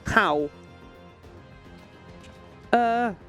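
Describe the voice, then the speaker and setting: A game streamer talks casually over a playthrough and reacts to the cutscenes, now and then swearing. The pitch moves up and down freely. Faint game music plays underneath. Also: animated, very slow, a bit bright. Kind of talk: casual gameplay commentary.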